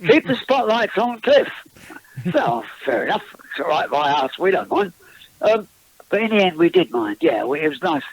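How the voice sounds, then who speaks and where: A man's voice: high voice, very animated, moderate pace, creaky, husky, no room sound, lo-fi sound. An older man, a guest musician, recalling past tours in a casual interview, chatty and rambling with frequent restarts and chuckles. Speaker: guest musician, former backing singer.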